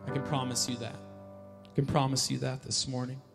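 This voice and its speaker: A male pastor preaching a sermon emphatically, repeating key lines and building to loud calls. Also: medium pitch, level tone, brisk, creaky, soft background music. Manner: emphatic, repeats lines for effect, rising to shouts. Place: church hall. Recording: long hall reverb.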